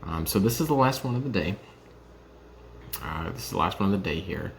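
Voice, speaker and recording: Low gravelly young man, hesitant vlog chat. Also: animated, brisk, slight background noise. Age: young adult. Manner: hesitant, lots of ums and restarts. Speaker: vlogger reviewing whiskey.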